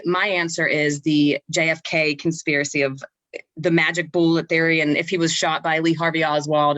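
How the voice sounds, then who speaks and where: A woman's voice: sits low, a bit bright, dry recording, low-quality recording. A young woman co-hosting a casual podcast chat, talking in a loose, laughing way and often restarting her sentences. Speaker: podcast co-host.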